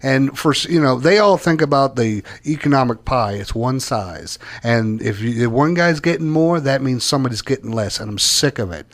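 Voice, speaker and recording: A man's voice: medium pitch, animated. Emphatic opinionated male co-host. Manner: emphatic, opinionated, halting restarts. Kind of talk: political talk show commentary.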